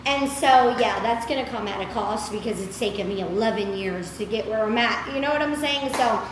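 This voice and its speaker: A woman's voice: a little high, moderate pace, noisy background. A woman, giving an upbeat, rambling motivational talk to her followers, saying "y'all" and "girl". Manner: chatty, upbeat, scattered, says "y'all" and "girl". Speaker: motivational creator. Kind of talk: casual motivational talk to camera. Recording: echoey room with faint ambience.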